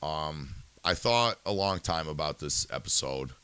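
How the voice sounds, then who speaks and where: A man's voice: rumbling low, lively intonation, a little slow, sharp tone, smooth, no echo. A male podcast host in a profane ranting monologue, angry and swearing, firing rhetorical questions and then turning subdued and somber.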